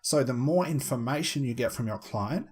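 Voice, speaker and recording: Husky-voiced man teaching hypnosis. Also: mid-range voice, animated. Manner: repetitive, slips into slow soothing hypnotic tone. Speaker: hypnosis trainer. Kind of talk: instructional talk with spoken demonstrations.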